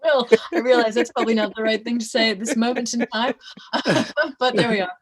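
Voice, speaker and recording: A middle-aged woman, a voice actress being interviewed, telling stories in a lively, self-mocking way and laughing often. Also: on the high side, fairly quick. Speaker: voice actress guest. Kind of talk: casual interview chat.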